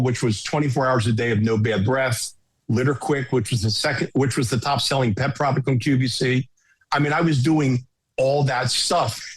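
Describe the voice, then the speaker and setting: A middle-aged man, a home shopping executive, telling lively anecdotes as a podcast guest. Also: medium pitch. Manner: animated anecdote teller, quotes others. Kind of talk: casual storytelling.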